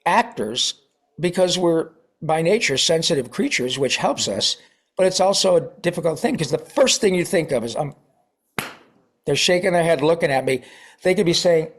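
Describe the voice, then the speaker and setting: Animated middle-aged man telling stories. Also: on the high side, normal speed. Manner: animated, acts out quoted voices. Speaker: voice actor guest. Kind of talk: casual interview storytelling.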